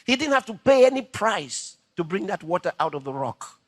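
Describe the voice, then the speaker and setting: A male preacher delivers a sermon with a bright, forceful voice. His pitch swings widely and dramatically as he preaches, sitting high for a man. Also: very animated, moderate pace, no echo, studio quality.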